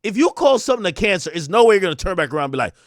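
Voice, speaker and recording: Guy ranting on his livestream, high voice all over the place, boastful and cussing. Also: very animated, very fast, dry recording, studio quality. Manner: boastful, profane, swings loud and mumbling. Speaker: livestream host.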